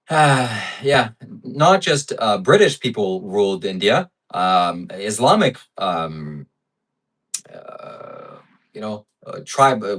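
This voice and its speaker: A man hosting a casual livestream and reading chat, turning sarcastic and mock-outraged, then softly preachy. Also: deep voice. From Ukraine.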